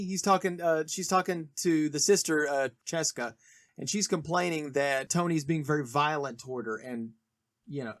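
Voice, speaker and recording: A man's voice: fairly high pitch, moderate pace, no echo, clean studio sound. A man co-hosting a podcast, casually discussing a film and eagerly sharing trivia. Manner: chatty, trivia-heavy, animated retelling. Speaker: podcast co-host.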